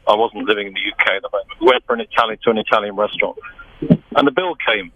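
A man from the UK calling a radio phone-in, telling an animated, indignant story about being overcharged. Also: on the low side, rapid-fire, no echo, dull audio. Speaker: caller.

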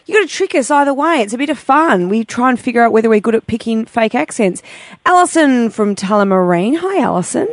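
A woman's voice: on the high side, animated, fairly quick, no room sound. A woman hosting a radio show, chatty and upbeat, a little self-deprecating. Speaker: radio host.

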